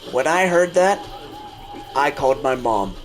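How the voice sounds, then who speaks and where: Slow, rambling man telling a story. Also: medium pitch, animated. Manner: rambling, restarts and self-corrections. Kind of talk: casual storytime chat. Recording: noisy background.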